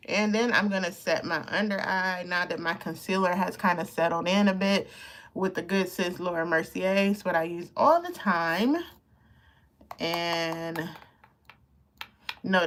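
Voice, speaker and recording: A woman's voice: lowish voice, a bit bright. Chatty woman around fifty. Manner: chatty, emotional, laughs often, talks to viewers while applying makeup. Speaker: beauty livestream host. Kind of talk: casual live makeup chat.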